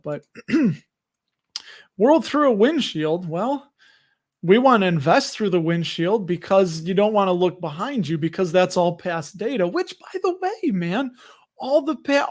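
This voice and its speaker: A man with a Chicago accent and a high-sitting voice hosts a live investing stream. He chats casually, reading comments while joking and laughing often.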